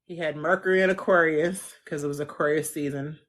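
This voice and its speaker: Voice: medium pitch, steady tone, brisk, a bit bright. Chatty astrologer on a live stream. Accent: Central US. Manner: chatty, answers viewer comments; loose slangy speech, laughs often. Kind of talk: casual livestream chat.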